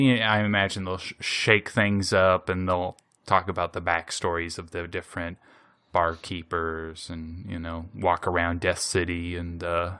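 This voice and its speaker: Man, podcast host, casual recap, animated, laughs a lot, bright, dry close mic. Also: low voice, clear, resonant tone, no echo. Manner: animated, laughs often, many fillers. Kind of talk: casual chat recapping an anime episode.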